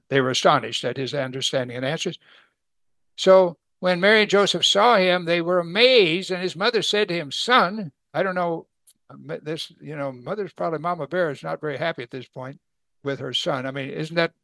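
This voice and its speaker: A man's voice: on the high side, moderate pace, gravelly, a bit bright, no room sound. Folksy man teaching from the Bible. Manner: folksy, chuckles, acts out voices.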